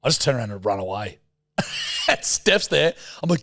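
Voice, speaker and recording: A young man co-hosting a podcast, swearing freely and laughing through his stories. His voice is mid-pitched and sounds dry and close, with no room around it. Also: sing-song, moderate pace, fairly bright tone, no room sound. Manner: swearing, storytelling, laughs often. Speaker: podcast co-host. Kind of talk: casual chat.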